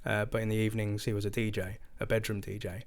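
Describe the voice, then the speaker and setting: A man's voice: fairly low pitch, fast talker. An English man in his thirties, a guest casually telling stories from his past and acting out the voices of the people in them. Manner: animated, acts out quoted voices. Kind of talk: casual storytelling interview.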